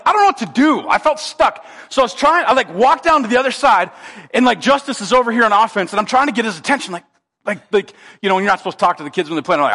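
A man preaching from the pulpit with a high, bright voice, telling a story on himself in an animated and self-mocking way with frequent restarts. His voice rings with the long reverb of a church hall. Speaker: pastor. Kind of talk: storytelling sermon. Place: church auditorium.

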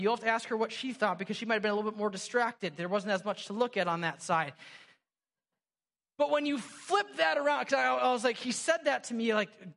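A young adult man, a pastor, preaching a sermon in church in a casual, self-deprecating storytelling way with quick asides. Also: sits high, creaky, a bit bright.

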